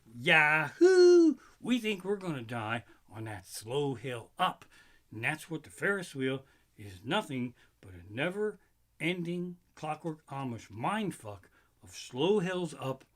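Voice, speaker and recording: A middle-aged man doing loose, profane stand-up, rambling and animated as he tells stories. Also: mid-range voice, unhurried. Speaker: stand-up comedian. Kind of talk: solo live-streamed stand-up.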